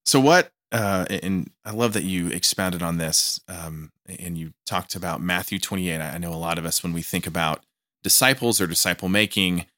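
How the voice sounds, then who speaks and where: A low-voiced man with a bright, forceful tone hosts a casual podcast interview. He is eager and repeats himself as he restarts his phrases. The sound is dry and close, from a small studio. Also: normal speed, dry recording. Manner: enthusiastic, repetitive restarts, stammering on words. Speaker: podcast host. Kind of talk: interviewing guest in casual chat.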